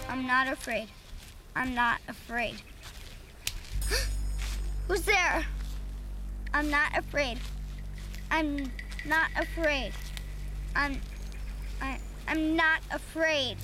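A woman's voice: high-pitched, takes it slowly, long pauses, over music. A woman voicing a frightened young schoolboy in a radio drama, panicky and pleading. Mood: scared.

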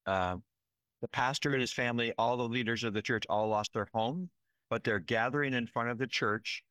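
A man's voice: mid-range voice, normal speed, fairly bright tone, dry recording. Earnest man on dry recording. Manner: earnest, emotional, often asks "right?". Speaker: disaster relief worker. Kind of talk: conversational field report.

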